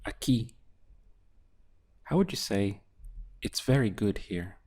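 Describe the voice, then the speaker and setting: A man teaching a language lesson, prompting a phrase and then answering it slowly, word by word. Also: on the low side, animated, darkish tone, slightly rough. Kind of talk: slow drill-style language lesson.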